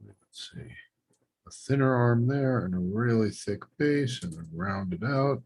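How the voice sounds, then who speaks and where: The recording is rough, and the man's mid-range voice is expressive, unhurried and a little mellow. He calmly teaches letter writing, describing each stroke as he draws it in short, trailing phrases.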